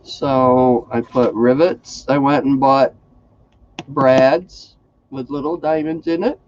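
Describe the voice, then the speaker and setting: A man's voice: mid-range voice, steady tone, slow, a little mellow, muffled recording, slight background noise. A man hosting a casual crafting livestream, chatty and folksy, greeting viewers by name.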